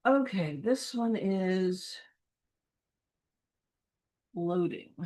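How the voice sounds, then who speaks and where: A woman talking herself through sorting teams for a film event at an unhurried pace. Her thoughts come out as muttered, half-finished counts and quiet asides. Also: mid-range voice, animated, poor audio. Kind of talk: thinking aloud while working.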